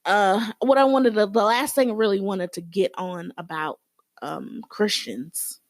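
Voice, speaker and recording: A woman's voice: mid-range voice, measured pace, no room sound, studio quality. Earnest woman making her case. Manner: earnest, persuasive. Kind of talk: faith-based podcast chat.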